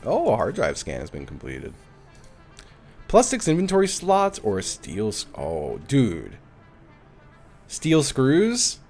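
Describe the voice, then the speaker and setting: Lively low-voiced man streaming a game. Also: a little slow, faint music behind. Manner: chatty, swears, thinks aloud, thanks viewers. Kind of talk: casual live-stream chat while playing.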